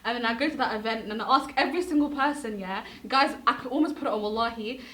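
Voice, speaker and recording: Brief: quick, fairly high teen girl, animated storyteller, casual chat. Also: slight background noise. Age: late teens. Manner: animated storyteller, acts out quotes. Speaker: student guest.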